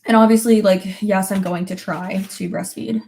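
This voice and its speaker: Young woman vlogger, mid-pitched, loose and chatty, swears freely, peppers her talk with "like". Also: steady tone, moderate pace, vocal fry, darkish tone, a little hiss or hum. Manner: chatty, full of "like" fillers, swears casually. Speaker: vlogger reading viewer comments. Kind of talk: casual chat. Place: at her desk at home.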